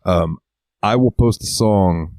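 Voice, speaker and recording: Deep-voiced rambling podcast co-host, a man. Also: slow pace, darkish tone, no room sound. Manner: rambling, swears freely, acts out quotes. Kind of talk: casual chat.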